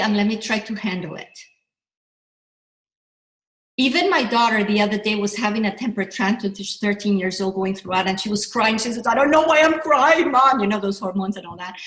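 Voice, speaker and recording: A middle-aged woman coaching a workshop, talking in an animated, rambling way with many restarts and self-corrections. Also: mid-range voice, roomy sound, poor audio. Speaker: business coach. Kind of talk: motivational workshop talk.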